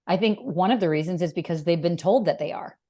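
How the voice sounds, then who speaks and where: A woman's voice: lowish voice, quick pace. A woman in her fifties, a fitness professional, talking animatedly and bluntly as a podcast guest. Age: 50s. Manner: animated, emphatic, blunt with swearing. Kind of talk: casual interview chat.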